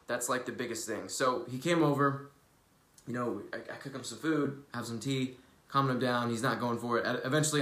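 Bright-voiced man, casual spiritual vlog. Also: medium pitch. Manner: loose, swears freely, earnest and preachy. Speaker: spiritual wellness vlogger. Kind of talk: casual motivational vlog talk. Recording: roomy echo.

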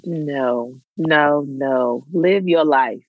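A woman's voice: deep voice, drawn-out words, no echo, phone-quality sound. A woman of thirty, co-host of a podcast, in casual chat, sassy and playful, drawing words out for effect.

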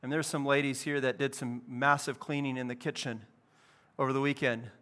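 A man pastor preaching a lively, conversational sermon in a church. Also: mid-range voice, a little fast. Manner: conversational, animated preaching with casual asides. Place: church building.

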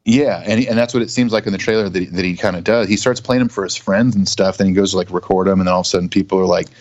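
A man co-hosting a podcast, chatting casually, enthusiastic and rambling. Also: low-pitched. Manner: enthusiastic, rambling, laughs easily. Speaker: podcast co-host. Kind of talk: casual chat.

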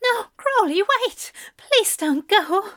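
A woman's voice: very high-pitched, lively intonation, slow, bright, forceful tone, voice pushed up, full character voice. A woman voicing a flustered, desperate male angel who pleads and whimpers breathlessly.

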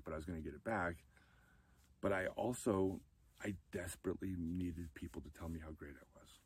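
A man with a very low, husky voice tells his own story with open emotion. He talks candidly and sometimes comes close to tears. When he quotes friends, he lifts his voice to act them out. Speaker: speaker telling his life story. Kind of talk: personal storytelling talk.

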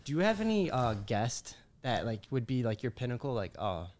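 A man's voice: medium pitch, big pitch swings, brisk, a little mellow, no room sound. A man chatting as a podcast guest, joking around and swearing, with lots of "like" fillers. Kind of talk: casual chat.

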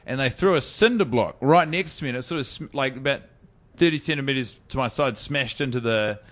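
A man's voice: mid-range voice, a little fast, fairly bright tone. A young adult man with a New Zealand accent, a podcast guest telling a story in rambling, self-deprecating casual chat. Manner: rambling, self-deprecating, restarts mid-sentence.

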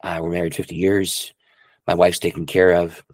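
A man's voice: low voice, little pitch movement, moderate pace, a little mellow, no echo, pitched below the performer's own voice. A man quoting a stern elderly man who has been married fifty years, in a terse, guarded way.

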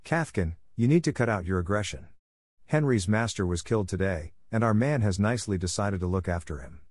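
A man's voice: fairly low pitch, expressive, fairly quick, a little mellow, dry recording, studio quality. A man doing a kindly motherly dog. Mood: earnest. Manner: earnest, pleading.

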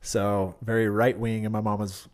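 A man casually telling stories from his youth, loose and profane, slipping into loud high voices when he quotes people. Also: level tone, moderate pace. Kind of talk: casual storytelling.

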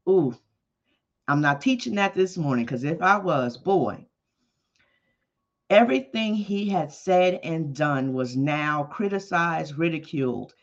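Preacher, relaxed storytelling sermon delivery, mid-pitched, slightly muffled lo-fi recording. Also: a little slow. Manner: conversational storytelling with emphatic exclamations. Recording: dull lo-fi podcast audio.

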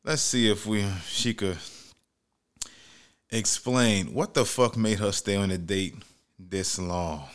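A man hosting a solo podcast, telling stories in a profane, animated way and acting out the people he quotes. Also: fairly low pitch, takes it slowly, long pauses, smooth. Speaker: podcast host. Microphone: studio mic with headphones.

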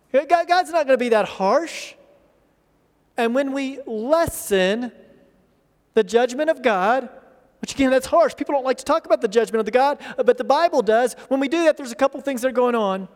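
Pastor guy preaching, really high voice, big echoey church hall, earnest and repeats himself. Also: animated, brisk. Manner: earnest preaching, acts out quoted voices, repeats words when emphatic. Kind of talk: sermon. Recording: long reverb of a large hall.

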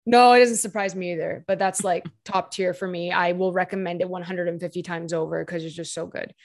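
A woman's voice: fairly low pitch, fairly even intonation, fairly quick. Young adult female co-host, casual film chat, rambling and gushing, heavy filler words. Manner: heavy use of "like", trailing off, gushing.

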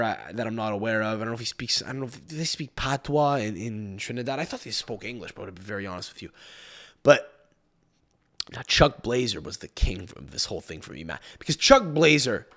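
A man hosting a podcast, ranting casually in a profane, rambling way with frequent stammered restarts. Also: a little high. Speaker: podcast host. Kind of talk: casual rant.

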